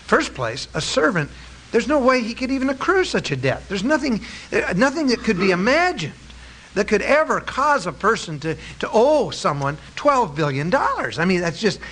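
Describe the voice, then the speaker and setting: A man preaching a sermon, emphatic, with drawn-out stresses and rhetorical questions to his listeners. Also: sits high, big pitch swings, a bit bright, a little hiss or hum, low-quality recording.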